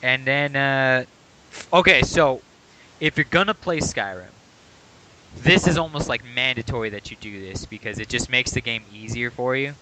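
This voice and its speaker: A man's voice: medium pitch, normal speed, pushed and bright, a little hiss or hum, poor audio. A man co-hosting a podcast, chatting casually and walking through how a video game works. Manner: explanatory, walks through game mechanics. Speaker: podcast co-host.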